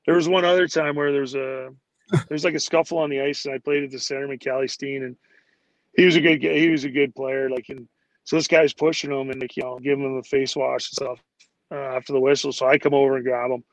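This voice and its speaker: A man's voice: medium pitch, flat delivery, fast, no room sound, poor audio. A man, a former hockey player, telling rambling casual stories with lots of "like" and "you know" fillers. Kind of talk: casual storytelling interview.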